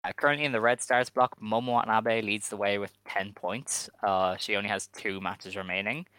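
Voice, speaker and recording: A man co-hosting a casual podcast, reading out standings in a measured, dry way. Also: fairly low pitch, steady tone, sharp tone, clear, resonant tone, no room sound. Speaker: podcast co-host.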